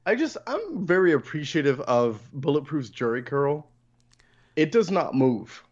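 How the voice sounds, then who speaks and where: A man's voice: on the high side, very animated, unhurried. A man co-hosting a podcast, joking crudely and swearing while he acts out characters' lines. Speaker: podcast co-host. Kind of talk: casual banter with crude jokes. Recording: dull lo-fi mic.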